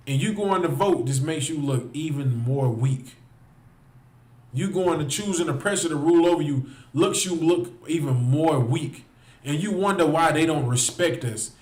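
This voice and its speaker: Male street preacher, fiery and repetitive, voice on the high side, roomy echo. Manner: impassioned, repeats phrases, addresses listeners directly. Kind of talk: heated preaching to a livestream.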